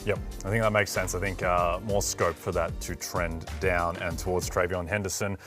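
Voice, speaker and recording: Australian man, low dry voice. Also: little pitch movement, over music. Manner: dry, wry humor with quick asides. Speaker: co-host. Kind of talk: casual sports podcast chat.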